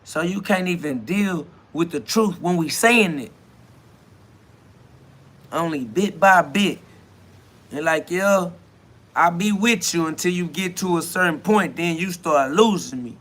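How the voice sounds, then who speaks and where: A man hosts a solo podcast, talking to himself in a loose, slangy, rambling way. His voice sits a little high and sounds bright and forceful. He drifts between preaching and laughing asides. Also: unhurried, long pauses. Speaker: podcast host. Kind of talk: solo self-talk monologue.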